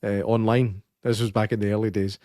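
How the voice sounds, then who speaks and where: A man's voice: fairly low pitch, flat delivery, a little fast, warm tone, no echo, studio quality. A Scottish man co-hosting a podcast, telling stories in a rambling, self-correcting way in casual chat. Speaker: podcast co-host.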